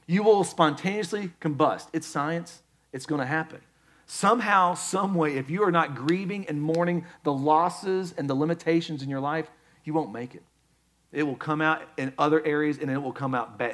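Casting: male pastor, slightly high voice, lively conversational sermon delivery. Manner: conversational and animated, jumps to high, loud quoted voices.

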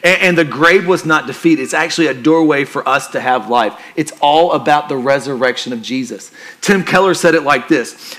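A male pastor preaching a sermon in a conversational, joking style that turns quiet and earnest for emphasis. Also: fairly high pitch, normal speed, few pauses.

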